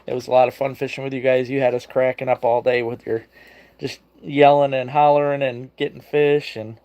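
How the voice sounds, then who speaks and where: A man's voice: medium pitch, little pitch movement, a little fast, a little mellow. A man hosting a live stream for his fishing channel, sounding tired and chatting casually with viewers. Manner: tired, greets viewers by name, laughs often.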